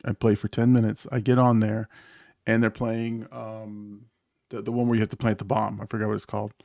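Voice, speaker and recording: A man hosting a casual live-stream chat, telling a gaming story with frequent laughs, stammers and high-pitched mimicry of others. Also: level tone, fairly quick, gravelly, a little mellow, no echo, studio quality. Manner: laughs often, stammers and restarts. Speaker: podcast host.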